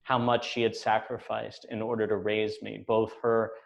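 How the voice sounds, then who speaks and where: A man in his forties telling a personal story on stage, measured with deadpan asides. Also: lowish voice, vocal fry, highs cut off. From United States.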